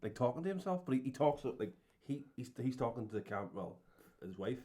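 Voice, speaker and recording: A man's voice: medium pitch, sing-song, a little fast, dark tone. A man co-hosting a podcast, telling rambling anecdotes and swearing freely in casual chat. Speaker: podcast co-host.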